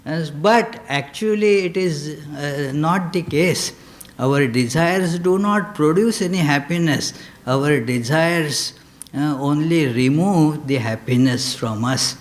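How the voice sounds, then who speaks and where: Slow, halting male spiritual lecturer. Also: on the high side. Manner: slow, halting delivery with frequent "uh" fillers; lapses into chanted Sanskrit verse. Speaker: swami giving a lecture.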